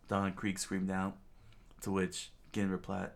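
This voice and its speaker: A man's voice: low voice, monotone, takes it slowly, gravelly. A man reading a comic aloud in a casual way, with stumbles and chuckling asides. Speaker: comic reader.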